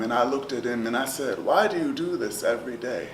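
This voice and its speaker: A man performing spoken word poetry in a rhythmic, chanting delivery that swings between loud calls and near whispers. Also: medium pitch, brisk, hardly any pauses. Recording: roomy echo, distant mic, steady ambient noise.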